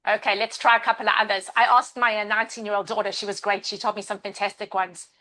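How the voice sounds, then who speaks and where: A woman's voice: medium pitch, little pitch movement, quick pace, bright, forceful tone, poor audio. A woman in her forties teaching an interactive class, upbeat and encouraging, calling on participants by name.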